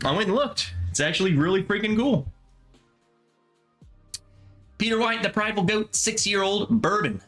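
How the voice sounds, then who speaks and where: A young man hosting a casual livestream, tasting bourbon and chatting as he reads viewer comments, relaxed and musing. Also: a little high. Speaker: livestream host. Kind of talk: casual live chat reading comments.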